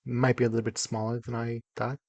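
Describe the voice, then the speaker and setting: A young man giving casual commentary as he builds in a video game, excitable, muttering to himself and then bursting into loud exclamations. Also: mid-range voice, fast talker, vocal fry, dry recording, muffled recording. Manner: excitable, talks to himself while building, jumps between mumbling and loud exclamations. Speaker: gaming YouTuber.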